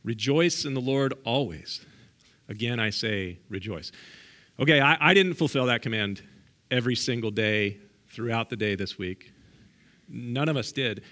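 A man's voice: medium pitch, animated, unhurried, bright, forceful tone. A middle-aged man, a guest pastor, preaching a sermon with emphatic repetition and direct questions to the congregation in a church. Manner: emphatic, repeats key words for stress. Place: church sanctuary.

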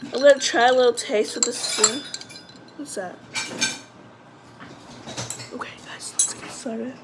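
Young woman, high voice, chatty vlogger, rambling and excitable, faint background noise. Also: measured pace. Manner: rambling and chatty, often addresses the viewers as guys; excitable, with frequent fillers and restarts. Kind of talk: casual chat to camera.

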